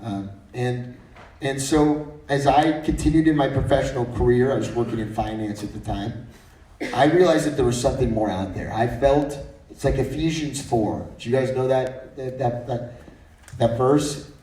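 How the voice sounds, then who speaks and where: A man's voice: medium pitch, moderate pace, mellow. Man, 30s, guest speaker telling funny faith stories; roomy, distant pickup. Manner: anecdotal and humorous, with frequent restarts. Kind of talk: faith-based storytelling speech. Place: breakfast meeting room. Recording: roomy sound from far off.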